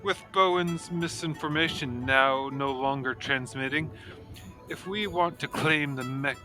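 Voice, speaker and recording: A man reading aloud a female noble employer's mission briefing from a game, in a plain, even voice. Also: a little high, unhurried, faint music behind. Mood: earnest.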